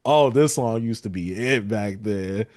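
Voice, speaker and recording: A man reviewing an album in a relaxed podcast chat, his voice mellow and low-key. He quotes lines and plays out his own reactions as he goes. The sound is close and dry, with no room around it. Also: a little slow, no echo. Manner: animated, quotes lyrics and acts out reactions. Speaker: podcast co-host.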